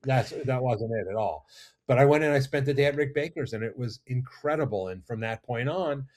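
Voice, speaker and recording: Brief: middle-aged male guest, mid-pitched, animated storyteller with frequent restarts. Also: fairly quick. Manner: animated, rambling anecdotes with restarts. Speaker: guest, makeup effects artist. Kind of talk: casual storytelling interview. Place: studio or lounge.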